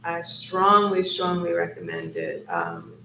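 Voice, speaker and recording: A woman's voice: fairly low pitch, sing-song, slow pace, creaky, bright, forceful tone. A woman speaking as an academic on a discussion panel, thoughtful and searching, with frequent ums as she works through her ideas. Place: event hall. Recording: roomy hall with faint noise.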